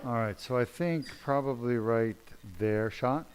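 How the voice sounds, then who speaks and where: A man's voice: medium pitch, unhurried, slight background noise. Chatty male surgeon narrating live surgery. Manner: chatty, self-deprecating, talks to viewers while working. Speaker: spine surgeon. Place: operating room.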